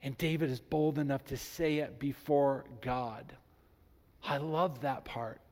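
A man preaching a sermon as a pastor, reading scripture aloud with emphasis and animated delivery. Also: medium pitch, measured pace. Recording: long reverb in a large hall.

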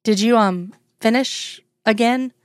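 A woman's voice: mid-range voice, lively intonation, normal speed, no echo, lightly acted. Mulder, read by a woman, earnest man. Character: adult man, male lead, earnest lover.

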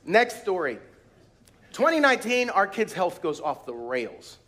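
A male pastor preaching at a church retreat, telling personal stories with acted-out voices and bursts of shouted praise. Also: high voice, big pitch swings, unhurried, a faint crowd.

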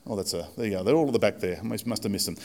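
A man's voice: fairly low pitch, very fast, darkish tone. A man preaching a casual, chatty sermon in church, self-deprecating, with many fillers and restarts. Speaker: pastor.

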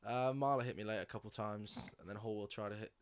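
A man's voice: fairly low pitch, steady tone, fast, clean tone. A man, a rugby player guest giving short, modest answers. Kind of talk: casual interview answers.

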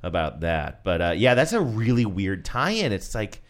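A man's voice: fairly low pitch, big pitch swings, normal speed. A man in his forties co-hosting a podcast, chatting casually with wry, sarcastic asides. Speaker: podcast co-host. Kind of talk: casual chat.

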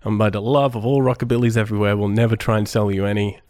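A man co-hosting a casual film podcast, relaxed and joking, swearing now and then. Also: lowish voice, quick pace, no room sound. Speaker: podcast co-host. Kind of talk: casual chat about films.

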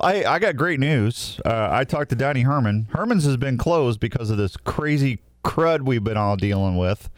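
A man's voice: mid-range voice, no room sound. A man from Missouri hosting a radio show in casual, joking, rambling talk, a little sleep-deprived.

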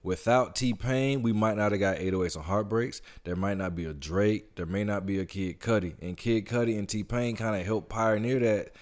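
A man in a casual podcast chat, talking in a relaxed, thoughtful way and explaining his views at length. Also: on the low side, moderate pace, few pauses.

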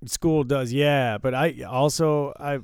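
An easygoing man co-hosts a podcast in casual chat. His voice is smooth and clear at a mid pitch, recorded dry on a close mic. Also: fairly even intonation, takes it slowly, darkish tone, no room sound. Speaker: podcast co-host.

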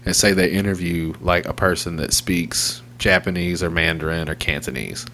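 Low-voiced man rambling with a faint hum. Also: steady tone, normal speed, sharp tone. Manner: rambling, profane, wry. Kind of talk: casual podcast chat with swearing.

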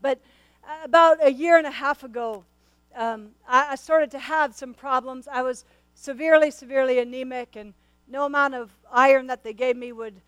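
A high-voiced woman pastor delivers a sermon. She speaks straight to her congregation in an earnest, conversational way, often stumbling over and repeating her words as she tells a story. The sound is close and dry, with no room echo. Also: fairly even intonation, moderate pace, a bit bright, smooth.

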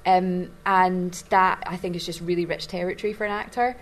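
Glaswegian actress, chatty and laughing. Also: female voice, fairly low pitch, fairly even intonation. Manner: laughing, chatty, quick-witted. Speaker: actor. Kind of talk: press junket interview. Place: small room.

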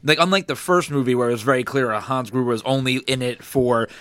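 Bright man musing through movie opinions. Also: mid-range voice, fast talker, smooth, dry recording. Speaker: podcast co-host. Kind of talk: casual movie discussion.

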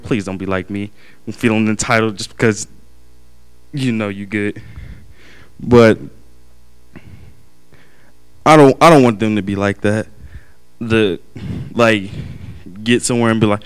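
Earnest young man, halting testimony. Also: mid-range voice, clear, resonant tone. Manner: halting, many restarts, earnest. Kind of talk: emotional personal testimony.

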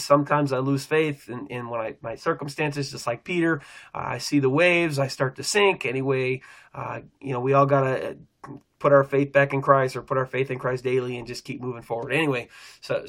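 A middle-aged male pastor shares his own testimony with a bright, forceful tone sitting a little high for a man. He rambles earnestly, circling back and restarting sentences as he goes. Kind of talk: personal faith testimony.

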